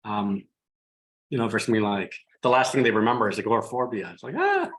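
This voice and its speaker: A man's voice: fairly low pitch, fast, poor audio. A tired man speaking as a hypnotherapist guest in a casual group discussion, telling stories animatedly on a video call. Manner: animated storyteller, acts out quotes.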